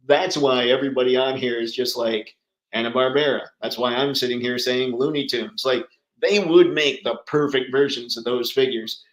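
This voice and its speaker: A man's voice: medium pitch, a bit bright, roomy sound, poor audio. A man hosting a casual livestream chat, talking enthusiastically and answering viewers by name. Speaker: livestream host.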